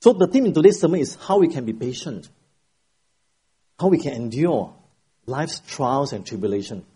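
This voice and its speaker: A middle-aged male pastor delivering a Sunday sermon from the pulpit. His voice is mellow and a little husky, and he tells stories with emphatic rises for key words before easing back down to a soft, quieter tone. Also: medium pitch, moderate pace. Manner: expressive storytelling, rising for emphasis, then dropping quiet. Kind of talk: sermon with an opening joke and prayer. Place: church sanctuary at the pulpit.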